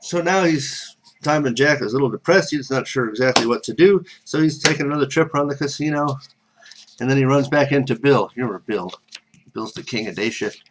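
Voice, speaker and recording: A man's voice: mid-range voice, fairly quick, noisy background. Chatty man telling a casual story. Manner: rambling, self-correcting, chatty asides.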